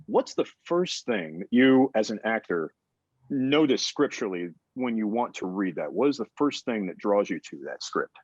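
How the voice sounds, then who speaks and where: A man hosting a podcast, asking a guest questions in a measured, deliberate way. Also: lowish voice, big pitch swings, no echo. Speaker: podcast host. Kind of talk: interview questions. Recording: dull, dry lo-fi recording.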